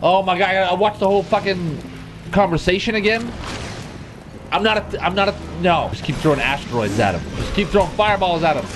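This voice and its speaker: A man giving let's play commentary while gaming, excitable and swearing, with sudden yelps and shouts. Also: sits high, brisk, background noise. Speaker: gamer.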